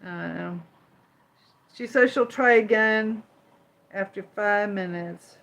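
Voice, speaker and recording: A woman's voice: mid-range voice, takes it slowly, vocal fry, a bit bright. A woman from Michigan and Indiana hosting a casual livestream, chatting with viewers, greeting them by name and firmly moderating the chat. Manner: firm when moderating the chat. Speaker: livestream host.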